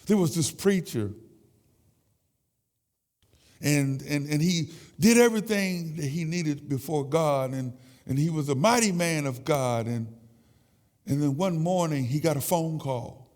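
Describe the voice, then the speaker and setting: Halting man testifying in a church. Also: a little high, a little mellow. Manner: emotional, halting with repeated words. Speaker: church speaker. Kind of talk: sermon testimony. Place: church sanctuary. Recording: echoey church hall.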